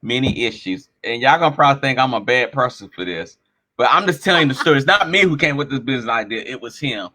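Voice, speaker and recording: A man telling stories as an interview guest, animated and acting out the lines of other people. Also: mid-range voice, quick pace. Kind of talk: casual storytelling.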